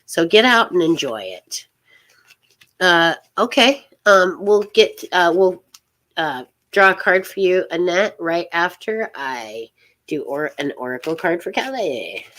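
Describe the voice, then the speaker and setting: Low-pitched woman, unhurried, rambling tarot host with lots of fillers, middle-aged. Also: animated. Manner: rambling, halting, with many fillers and soft laughs. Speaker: tarot reader hosting a live stream. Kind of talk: casual live-stream tarot reading.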